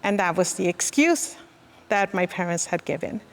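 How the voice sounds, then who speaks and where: A woman's voice: lowish voice, lively intonation, normal speed. A woman in her forties, a child protective services worker, giving an earnest, reflective personal testimony. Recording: long reverb.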